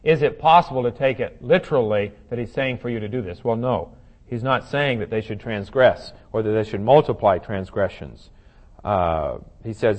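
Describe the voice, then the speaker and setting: A man's voice: fairly low pitch, moderate pace, a little mellow. A man leading a Bible study, explaining scripture in a conversational way, thinking aloud with fillers and restarts. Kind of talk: verse-by-verse Bible study teaching.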